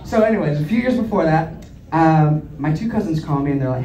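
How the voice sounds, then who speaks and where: A young comic in his twenties delivers animated, self-deprecating stand-up stories in a comedy club, speaking briskly in a fairly high voice. The echoey, distant recording has its highs cut off, slight background noise, and a laughing audience.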